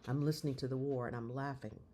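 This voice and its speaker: A man reading aloud voices a wry stranger, a fellow fugitive, who speaks with a dry, mocking calm. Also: medium pitch, quick pace, a little hiss or hum, close to an everyday voice.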